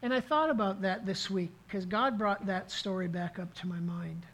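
A man's voice: high voice, moderate pace, a bit bright, rough recording. A middle-aged man preaching a sermon as pastor, telling a story in an earnest way, with frequent restarts. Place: church service.

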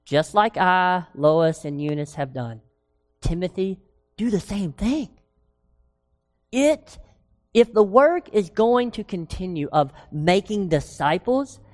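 A woman preaching a sermon with emphasis, asking the congregation rhetorical questions and slowing down on key words. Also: fairly low pitch, expressive, a little mellow. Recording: long reverb of a large hall.

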